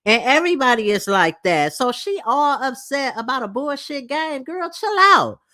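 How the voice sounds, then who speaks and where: A woman's voice: sits high, expressive, normal speed, fairly bright tone. A woman from Detroit giving a blunt, profane, slangy casual recap of a reality TV episode.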